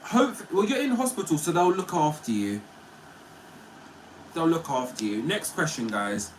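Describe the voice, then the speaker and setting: Guy on a livestream, higher voice, bouncy and all over the place, playful chatter, slight background hiss. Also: expressive, unhurried, low-quality recording. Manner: chatty and playful, often laughing. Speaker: livestream host. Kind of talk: casual livestream chat reading viewer comments.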